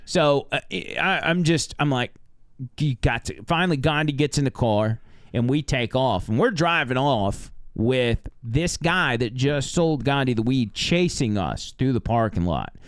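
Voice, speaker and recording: A man who drives for a rideshare service tells a story on a podcast, animated and acting out the people in it. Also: medium pitch, unhurried, no room sound, studio quality. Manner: animated, acts out the characters.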